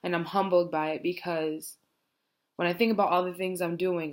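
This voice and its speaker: Young american woman vlogging, kinda low voice, lots of "like" and "you know", thoughtful. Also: fairly even intonation, moderate pace. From United States. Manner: reflective, rambling with many fillers. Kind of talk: heartfelt personal vlog talk.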